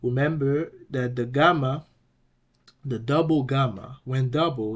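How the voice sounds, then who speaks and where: Slow, halting man teaching a lesson. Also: mid-range voice, fairly even intonation, highs cut off. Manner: halting, restarts and repeats words while explaining; says example words loudly twice. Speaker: language teacher.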